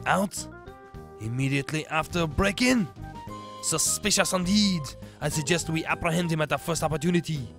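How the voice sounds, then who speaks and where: A man's voice: normal speed, gravelly, fairly bright tone, soft background music. A man voicing a haughty aristocratic male pigeon who sneers and scolds imperiously. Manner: imperious, sneering, high-pitched outbursts.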